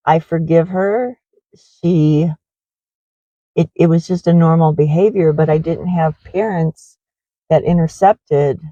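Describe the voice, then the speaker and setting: A woman's voice: low voice, fairly even intonation, slow pace, warm tone, no echo, dull audio. A middle-aged woman who runs a horse ranch, rambling in a confessional way with many fillers in a casual walking vlog.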